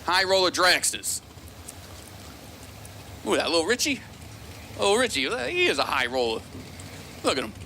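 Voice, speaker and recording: A man calling drag races live from the announcer tower, joking, excitable and teasing the racers. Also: on the high side, moderate pace, long pauses, slight background noise. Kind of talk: live race commentary.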